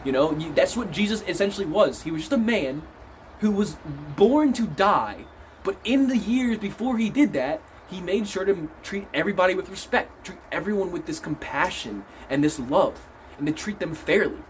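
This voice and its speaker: A man with a slightly high voice talks through a film in a loose, casual way, swearing freely as he retells the scenes with feeling. A faint steady noise sits under his voice. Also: moderate pace, rough recording. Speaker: movie reviewer. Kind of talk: casual film review monologue.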